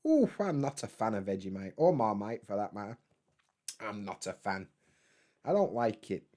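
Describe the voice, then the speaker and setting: A man's voice: fairly low pitch, sing-song, moderate pace, mellow. A man, hosting a casual live stream from home, rambling in a laid-back way, swearing freely and answering chat.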